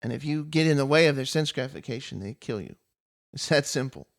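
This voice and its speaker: A man casually retelling a story from an old epic, with a relaxed, chuckling manner and many fillers. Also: mid-range voice, fast, creaky.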